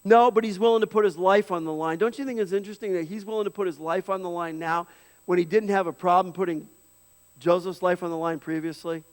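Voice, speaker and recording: A male pastor preaching a conversational sermon in a church, acting out the lines of the people in his story with lively voices. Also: high voice, fast, big-room sound. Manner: conversational preaching with animated, dramatized quotes. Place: church sanctuary.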